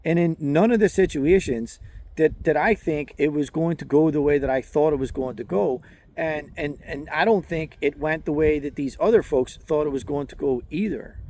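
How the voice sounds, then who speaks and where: Middle-aged guy telling a story to camera, kinda high voice, lots of um and restarts. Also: dark tone. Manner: halting, many restarts and fillers. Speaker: channel host. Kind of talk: casual storytelling monologue.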